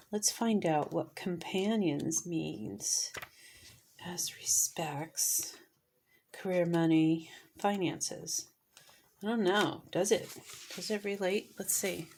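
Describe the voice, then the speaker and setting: A woman giving a casual tarot reading, gushing and sometimes dropping into soft whispers. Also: fairly low pitch. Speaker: tarot reader.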